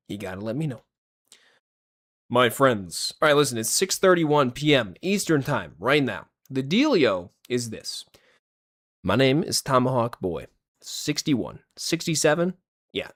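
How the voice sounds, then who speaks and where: A man chatting casually with viewers on his livestream while he plays a shooter, joking and talking straight to his audience. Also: medium pitch. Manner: chatty, jokey, talks to viewers directly. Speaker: game streamer. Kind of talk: casual livestream chat over gameplay.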